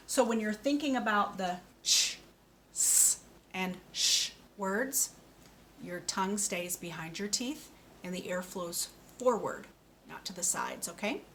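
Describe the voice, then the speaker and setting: Woman, speech therapist, slow deliberate articulation, patient coaching, faint background hiss. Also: mid-range voice, fairly bright tone. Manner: patient, coaching, models each word slowly. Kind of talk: slow, clearly articulated speech lesson for children.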